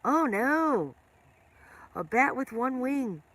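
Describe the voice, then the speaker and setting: A middle-aged woman hosts her own livestream, chatting loosely with viewers and calling them by name. She talks at an unhurried, drawn-out pace and drifts from one story to the next. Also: sits high, lively intonation, a bit bright. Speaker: livestream host. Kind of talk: casual livestream chat with viewers.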